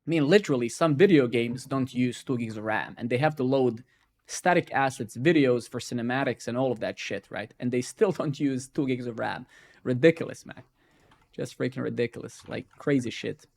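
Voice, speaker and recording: A man of ordinary pitch chats on a live coding stream. He rants with plenty of swearing and constant "right?" and "man". Between rants he mutters softly to himself as he fixes his code. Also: moderate pace, creaky. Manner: profane, ranting, keeps tagging "right?" and "man"; drops into quiet muttering while debugging. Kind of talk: casual live-stream rant while coding.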